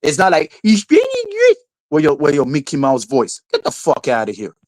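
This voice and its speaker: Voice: medium pitch, a little fast, no room sound, rough recording. A streamer host in a casual livestream rant, swearing freely, laughing often and mocking people with silly voices.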